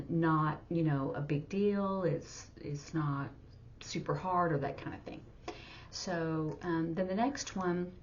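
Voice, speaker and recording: A woman teaching sign language in a casual, halting way, thinking aloud with many fillers as she explains. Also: low voice, darkish tone. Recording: dull lo-fi sound with faint noise.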